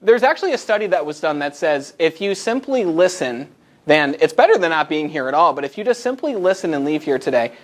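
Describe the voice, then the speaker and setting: A man in his twenties giving a live motivational presentation to a group, telling stories with lively asides to the audience. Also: on the high side, a little fast. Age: 20s. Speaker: motivational speaker. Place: meeting room in front of a live group.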